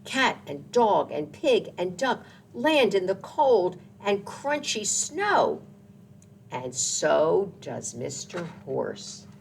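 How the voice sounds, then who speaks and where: A woman reading a picture book aloud at a children's storytime, gentle and sing-song, making jingle and swoosh sounds. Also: lowish voice, very animated, extremely slow, vocal fry, a little hiss or hum. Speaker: children's librarian.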